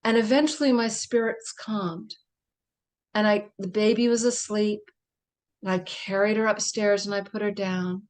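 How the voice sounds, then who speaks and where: A woman's voice: medium pitch, fairly even intonation, measured pace, darkish tone. A middle-aged woman, a guest on a spiritual livestream, telling an intimate personal story in a reflective way. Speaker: guest speaker.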